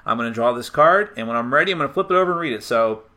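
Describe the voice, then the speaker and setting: A man's voice: medium pitch, animated, rapid-fire, sharp tone. A man casually walking through the rules of a party game, chatty and self-mocking. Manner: chatty, self-mocking, laughs at his own slips. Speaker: board game reviewer.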